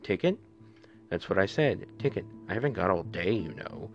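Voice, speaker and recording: A gruff, gloomy old Scotty dog who guards a theater door grumbles in a low voice, as a man puts him on while reading a storybook. He sounds put out and impatient. The audio is dull and lo-fi. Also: expressive, brisk, soft background music.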